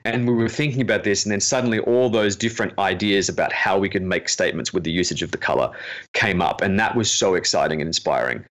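A man's voice: deep voice, quick pace, a bit bright. A man, a film director, chatting earnestly in an interview and telling stories with self-deprecating humor. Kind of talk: casual interview chat.

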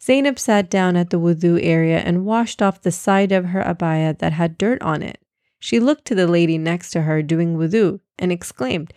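Mulher lendo história infantil. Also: female voice, lowish voice, moderate pace, darkish tone, dry recording. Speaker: storyteller. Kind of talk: children's story read aloud.

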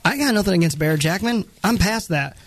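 A man's voice: high-pitched, lively intonation, quick pace, no echo. A man in his thirties co-hosting a casual radio show, making dry jokes as the sidekick.

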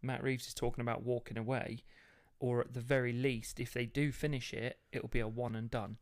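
A man's voice: mid-range voice, little pitch movement, fairly quick. A man, co-hosting a casual podcast and telling gossip at length. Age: 30s. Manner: chatty, swears casually, tells gossip at length. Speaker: podcast co-host.

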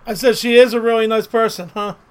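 Man, podcast co-host, high-pitched, eager fan, chatty questions, laughs easily. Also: flat delivery, quick pace, clean tone. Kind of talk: casual podcast interview.

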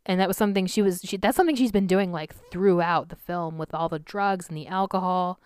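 A woman with a lowish, smooth, clear voice talks through a film's story in a loose, chatty way. She rambles, restarts sentences and sighs often. The sound is dry and close, with no room echo. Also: a little fast, a little mellow. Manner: rambling, many fillers and restarts, audible sighs. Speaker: film reviewer. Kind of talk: casual spoken movie recap.

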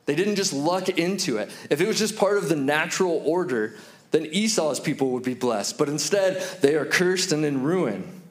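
A man in his thirties preaching a sermon to his church, telling stories and slowing down to repeat key lines for emphasis. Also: on the high side, lively intonation. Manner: storytelling with slow, emphatic repetitions. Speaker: pastor.

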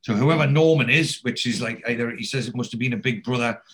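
Man, podcast host, casual show recap, rambling, filler-heavy, mid pitch. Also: fast, a bit bright. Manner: rambling, many restarts and fillers.

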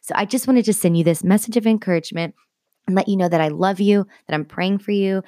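A woman's voice: mid-range voice, fast, warm tone, no room sound. A woman in her thirties hosting a podcast, giving an earnest, heartfelt talk of faith-based encouragement with casual asides. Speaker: podcast host.

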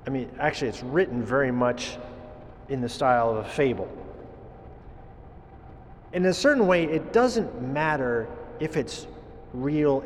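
A man gives a homily in an easy, chatty manner, stumbling and restarting his phrases as he goes. His voice sits a little high for a man. A long church reverb follows each word over a faint hum of noise. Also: a little mellow. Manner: conversational, halting with many restarts. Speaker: priest.

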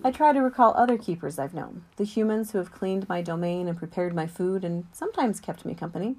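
A woman narrating a storybook in a calm, measured reading voice. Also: on the low side. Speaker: audiobook reader.

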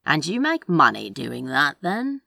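A woman's voice: sits low, huge pitch swings, measured pace, creaky, pushed and bright, no room sound, heavily acted. A woman reading a story aloud and voicing a dry, blunt, sardonic man. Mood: dry, skeptical.

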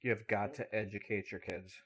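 A man's voice: on the low side, steady tone, fairly quick, breathy edge. A man from New York State on a casual podcast, making short, emphatic remarks.

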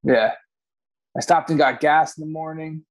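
A man's voice: a little high, steady tone, moderate pace. A man co-hosting a podcast, telling rambling, profane stories in casual chat and often correcting himself. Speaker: podcast co-host.

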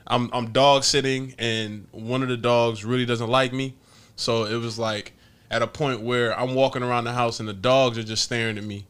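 A man's voice: mid-range voice, fairly bright tone, clean tone. A man hosting a podcast, telling stories casually, laughing often and swearing freely. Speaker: podcast host. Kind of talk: casual storytelling.

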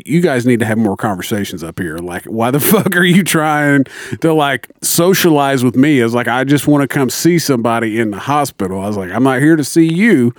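A man's voice: medium pitch, dry recording. Profane storytelling man, dry close sound. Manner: profane, animated storytelling with quoted dialogue. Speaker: friend telling a story. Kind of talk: casual chat.

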